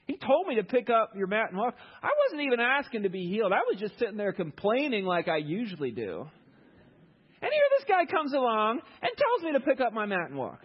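A man preacher voicing a whiny, defensive grown man who was lame for decades and now blames his healer, pitched up high and loud. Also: wildly swooping pitch, a little fast, breathy edge, full character voice. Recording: echoey hall, dull lo-fi sound.

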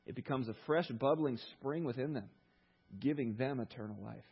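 A preacher quoting a calm, gentle teacher in a soft, measured voice. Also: male voice, medium pitch, husky, in a large hall, highs cut off.

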